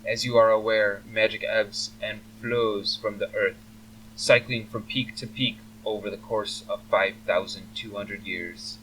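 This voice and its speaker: A man's voice: fairly low pitch, fairly even intonation, fairly bright tone, a little hiss or hum. A man voicing a pompous male envoy of a dragon, drawing out and savoring every word. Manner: drawn-out, savoring each word. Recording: faint humming, slightly distant mic.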